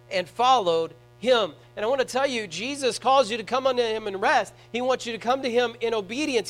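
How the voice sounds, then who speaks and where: High-pitched pastor preaching, goes quiet then loud, mains hum under it. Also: male voice, low-quality recording. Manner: emotional preaching, swinging from hushed to loud. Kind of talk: sermon.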